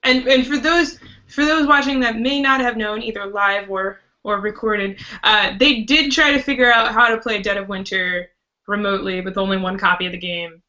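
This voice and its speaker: Female podcast host, bright tone, casual and talkative, lo-fi audio. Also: medium pitch, moderate pace. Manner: chatty, rambling, with restarts. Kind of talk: casual live-stream chat. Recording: muffled web call audio.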